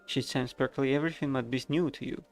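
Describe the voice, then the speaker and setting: A man's voice: mid-range voice, fairly even intonation, fast, creaky, soft background music, close to an everyday voice. A man reading aloud as a sweet, timid, perky young woman in a game, chirpy and apologetic.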